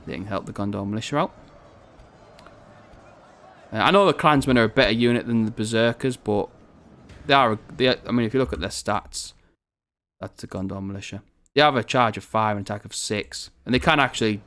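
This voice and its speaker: A man's voice: on the low side, creaky, a bit bright. A man from northern England giving rambling, chatty commentary on a strategy game, swearing casually as he plays. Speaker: gaming video host.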